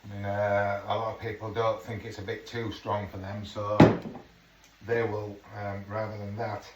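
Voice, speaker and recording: A man's voice: lowish voice, monotone, moderate pace. A middle-aged man chatting casually as he cooks at home, swearing under his breath now and then. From England. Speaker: home cook. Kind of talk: casual cooking vlog chat. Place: home kitchen. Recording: echoey kitchen, far from mic, noisy.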